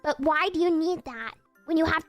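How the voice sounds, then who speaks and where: A woman's voice: very high voice, moderate pace, fairly bright tone, soft background music. A woman in her twenties, a streamer chatting casually in a blunt, teasing way. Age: 20s. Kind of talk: casual chat.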